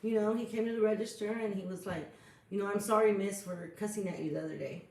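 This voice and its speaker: A woman in a casual chat, telling animated stories and saying "you know" often. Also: medium pitch, fast. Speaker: podcast co-host. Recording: echoey room, far from the mic.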